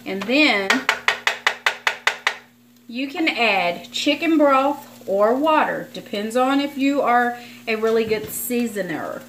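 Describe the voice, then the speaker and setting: A woman's voice: on the high side, lively intonation, slow pace, noisy background. Chatty woman cooking over a sizzling pan. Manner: chatty, rambling, apologetic asides. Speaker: cooking vlogger. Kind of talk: casual cooking demonstration. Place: home kitchen. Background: frying and sizzling in a skillet.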